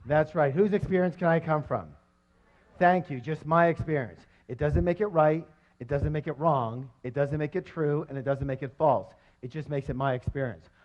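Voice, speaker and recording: A middle-aged man with a fairly high voice works a live seminar audience, firing questions at the crowd and cracking jokes between points. The sound is dull and lo-fi, like an old event recording. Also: normal speed. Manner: energetic, quizzes the audience, jokey. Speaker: motivational seminar speaker. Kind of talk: live motivational seminar talk.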